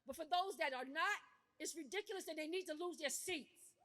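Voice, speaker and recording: A woman speaking at a rally as an activist, indignant and forceful, rising to shouts, with a casual turn of phrase. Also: high-pitched, a little fast, noisy background. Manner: casual speech with "y'all" and "I'ma". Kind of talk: impassioned rally speech.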